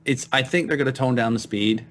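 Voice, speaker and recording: A man co-hosting a casual gaming podcast, talking in halting bits and restarting his points. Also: medium pitch, fairly bright tone. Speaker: podcast co-host.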